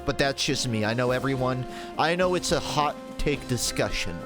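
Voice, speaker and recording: A man's voice: mid-range voice, expressive, normal speed, music in the background. Rambling, profane male streamer. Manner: rambling, profane storytelling with laughs. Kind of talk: casual livestream chat while gaming.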